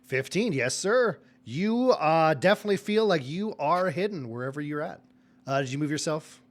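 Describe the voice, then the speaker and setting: A man's voice: fairly high pitch, lively intonation, moderate pace. A man running a tabletop game as dungeon master, narrating animatedly with many fillers.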